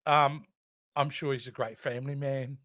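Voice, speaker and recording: A man's voice: medium pitch, flat delivery, normal speed, fairly bright tone, dry recording. A man with an Australian accent, co-hosting a casual podcast chat in a wry, joking way. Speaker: podcast co-host.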